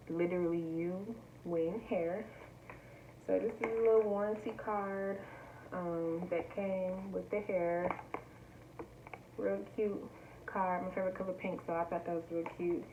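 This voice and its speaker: Young woman vlogger, lower voice, bubbly and chatty, muffled home audio with faint hiss. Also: a little slow, pauses often. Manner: excitable, chatty, talks straight to viewers. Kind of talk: casual unboxing chat to camera.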